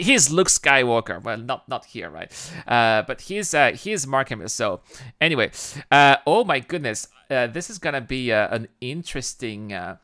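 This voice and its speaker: A man hosting a livestream, chatting casually with viewers and reading out their comments in an excitable way, often restarting his sentences. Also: medium pitch, clear, resonant tone, no echo, clean studio sound. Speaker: livestream host.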